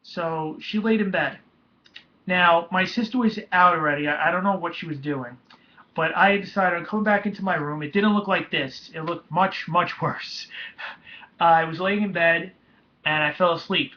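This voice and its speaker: A young man telling a painful personal story in a halting, emotional way, with many restarts. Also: fairly high pitch. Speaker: vlogger. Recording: dull lo-fi home recording.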